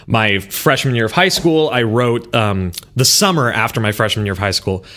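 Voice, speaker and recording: A man's voice: medium pitch, expressive, moderate pace, a bit bright. A man from Southern California, a musician guest on a podcast, rambling in casual chat and poking fun at himself. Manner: rambling and self-deprecating, with frequent fillers and laughs.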